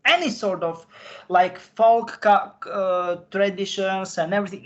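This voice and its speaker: A man speaking in casual conversation, halting and searching for his words. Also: high-pitched, steady tone. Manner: halting, searching for words in non-native English. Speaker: podcast guest insider. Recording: dull lo-fi audio.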